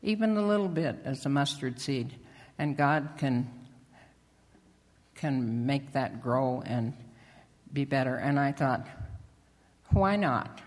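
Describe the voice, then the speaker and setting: A lay member of a church speaks from the pulpit, giving a halting testimony and announcements full of fillers and restarts. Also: medium pitch, a little mellow. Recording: long reverb of a church hall.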